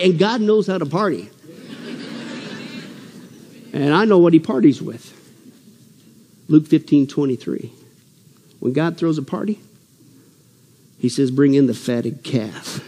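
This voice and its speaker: A man preaching a conference sermon with exuberant energy, swinging between loud exclamations and low asides. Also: lively intonation, slow, pauses often, slightly rough, long reverb tail. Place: church hall.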